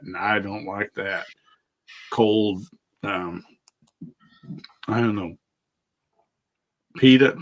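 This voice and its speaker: Man, slow pace, hesitant, filler words, casual chat. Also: on the low side, fairly bright tone. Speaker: podcast co-host.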